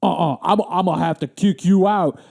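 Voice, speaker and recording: A woman's voice: fairly low pitch, fairly quick, vocal fry, darkish tone. A man mimicking an irritable female DMV clerk who scolds him indignantly and curses while doing it. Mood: angry. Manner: indignant, profane, clipped.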